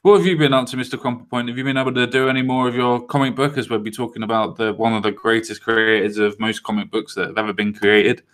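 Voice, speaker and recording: A man's voice: medium pitch, steady tone, fast, few pauses, fairly bright tone. A man hosting a casual live stream, chatting loosely with restarts and apologies. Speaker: livestream host. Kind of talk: casual podcast chat.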